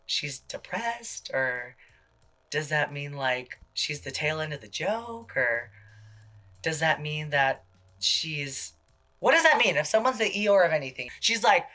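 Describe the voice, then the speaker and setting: A man hosting a casual TV recap, gossipy and full of swearing, jumping into quick impressions. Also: a little high, sing-song, sharp tone. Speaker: show host.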